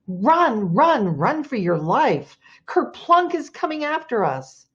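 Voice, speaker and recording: A woman's voice: on the high side, sing-song, takes it slowly, fairly bright tone, dull audio, voice pushed up, heavily acted. A woman voicing a terrified newborn rabbit in a told folktale. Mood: panicked.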